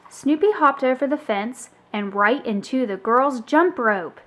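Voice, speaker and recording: Animated high-voiced woman reading a storybook. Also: a little slow, few pauses, slight background noise. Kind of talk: children's book read-aloud.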